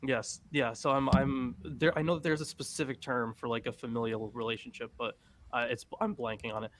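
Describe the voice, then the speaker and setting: A man's voice: medium pitch, level tone, a little fast, a bit bright. A man on a casual online panel, talking hesitantly with many fillers as he searches for the right words over a video call. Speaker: panel guest.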